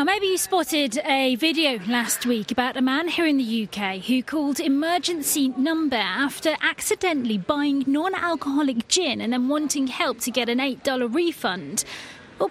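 A woman with a slightly high voice hosts a radio news show. She moves between brisk chat with guests and read-out links. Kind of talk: broadcast presenting.

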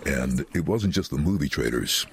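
Deep husky man, lively storyteller, dry close mic. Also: no room sound. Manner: lively, animated storyteller doing quick voices for quoted people. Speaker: voice-over artist, interview guest. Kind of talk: anecdotal interview storytelling.

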